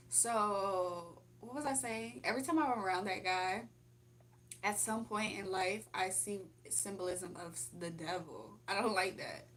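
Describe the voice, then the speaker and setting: A woman's voice: mid-range voice, a little slow, a bit bright, slight background noise. Chatty young woman livestreaming. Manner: chatty, laughs often, reads chat aloud. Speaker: livestream host. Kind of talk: casual livestream chat.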